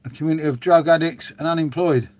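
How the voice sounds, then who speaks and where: A man's voice: fairly high pitch, steady tone, quick pace, a little mellow. Rambling man chatting to his viewers. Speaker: livestream host reading chat. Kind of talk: casual chat with live viewers. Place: at home making a hot drink.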